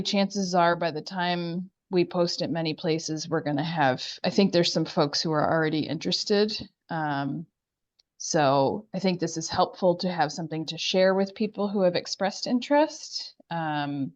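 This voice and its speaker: A woman on a video call in a remote town meeting, explaining things at length with many fillers. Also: fairly low pitch. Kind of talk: remote public meeting discussion. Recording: muffled video-call audio.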